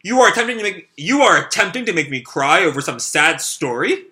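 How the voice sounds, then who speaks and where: A man reads the part of a proud, haughty young swordswoman. She sounds scornful of every trick used on her. The voice is bright and a little high. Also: big pitch swings, a little fast, heavily acted.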